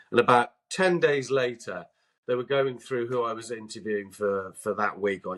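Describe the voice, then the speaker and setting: A man in a podcast conversation telling a long anecdote, animated and acting out the lines of the people in it. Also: mid-range voice, brisk. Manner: animated, acts out quotes. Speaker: podcast co-host and guest. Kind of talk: anecdotal storytelling.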